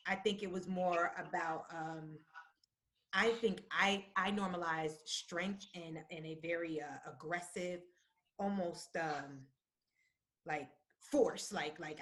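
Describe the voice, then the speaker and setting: A woman guest in a casual live-stream chat, speaking in a thoughtful, halting way with many fillers, on a phone or webcam mic. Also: lowish voice, fairly bright tone, slight background noise.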